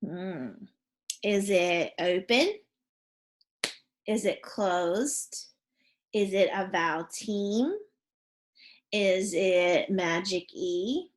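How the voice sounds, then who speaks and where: A woman teaching a phonics and spelling lesson to young children, sounding out letters and asking questions. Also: medium pitch. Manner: slow, clear, sounding out letters and prompting questions.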